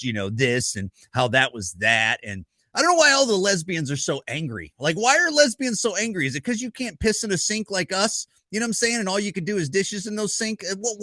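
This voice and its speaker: A man's voice: high voice, pushed and bright, dry recording. Rambling, profane middle-aged man ranting. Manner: rambling, blunt and profane, with many restarts and stammers; rhetorical questions to the listener. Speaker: vlogger. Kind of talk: casual ranting commentary.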